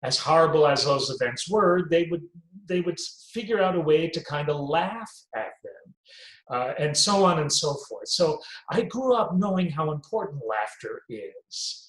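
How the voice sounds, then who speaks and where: A male host giving a health and wellness talk, emphatic and deliberate in his delivery. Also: fairly high pitch, lively intonation, echoey room, rough recording.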